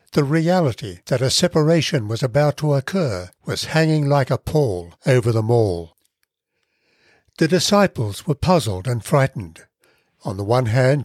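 A man teaches from the Bible as host of a devotional podcast. His slightly husky voice moves up and down with lively pitch as he leans on key words. The recording is close and dry. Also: no room sound. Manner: measured, earnest reading with emphasized words.

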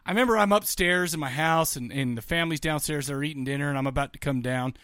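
A man co-hosting a podcast in casual chat, telling a rambling, animated story with laughs. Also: fairly high pitch, fast, clear, resonant tone, no room sound, clean studio sound. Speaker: podcast co-host.

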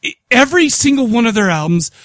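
A man's voice: extremely high pitch, sing-song, fast talker, fairly bright tone, no room sound, studio quality. A man in his thirties co-hosting a podcast, talking casually and getting emotional. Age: 30s. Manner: emotional, gushing, laughs easily. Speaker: podcast co-host. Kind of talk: casual chat.

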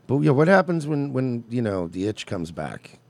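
A man's voice: medium pitch, big pitch swings, moderate pace, gravelly. A man co-hosting a podcast, talking bluntly and profanely. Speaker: podcast co-host. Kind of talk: casual chat.

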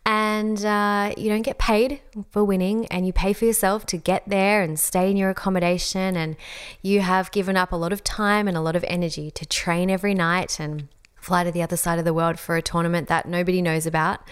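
An Australian woman in her thirties speaks in an earnest, conversational motivational style. Her voice sits a little low for a woman, and she talks to listeners as friends, drawing on stories from her own life. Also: fairly even intonation, a little fast, smooth. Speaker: speaker on calm and leadership. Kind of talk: motivational talk.

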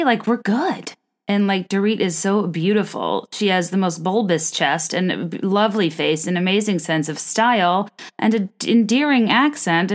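A woman hosting a podcast, talking in a chatty, rambling way with self-deprecating humor. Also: fairly low pitch. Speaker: podcast host. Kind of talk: casual chat.

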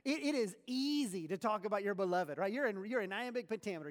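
A man preaching a sermon, animated and full of rhetorical questions and sarcastic asides. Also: high voice, fast talker, hardly any pauses, long reverb tail. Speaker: pastor.

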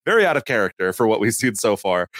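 Male podcast co-host, mid-pitched voice with an expressive, lively delivery, dry sound. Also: fast, dry recording. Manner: chatty, laughs often, acts out quotes in high voices. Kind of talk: casual recap chat.

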